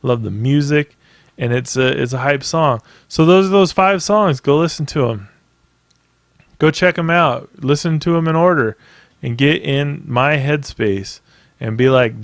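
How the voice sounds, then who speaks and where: A man's voice: fairly high pitch, measured pace, no room sound, studio quality. A man hosting a podcast by himself, ranting in a casual, rambling way with plenty of profanity and emphatic asides. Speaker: podcast host. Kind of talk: casual solo podcast rant.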